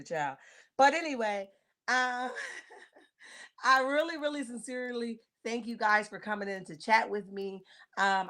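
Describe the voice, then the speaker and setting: A woman in her forties hosts a solo livestream, speaking close to her mic at a medium pitch. Her delivery is blunt and sassy. She keeps tagging her points with "okay?" and greets viewers as they drop in. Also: pushed and bright. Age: 40s. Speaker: livestream host. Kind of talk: casual live-chat commentary on reality TV.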